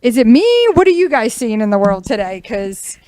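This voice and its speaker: A woman's voice: a little high, very animated, moderate pace, warm tone, slight background noise. A woman realtor hosting a casual talk show, speaking frankly and venting her frustration. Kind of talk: casual chat.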